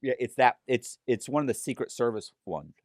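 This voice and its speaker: A man telling a story in a casual interview, animated and profane, acting out other people's lines as he goes. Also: medium pitch, brisk, dry recording, clean studio sound. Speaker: guest telling his story.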